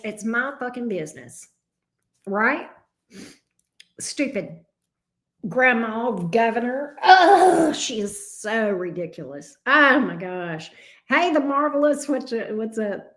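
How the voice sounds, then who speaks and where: A woman in her fifties hosting a livestream as a tarot reader, chatting casually with viewers, blunt and profane, laughing easily. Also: fairly high pitch. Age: 50s. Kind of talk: casual livestream chat reading viewer comments.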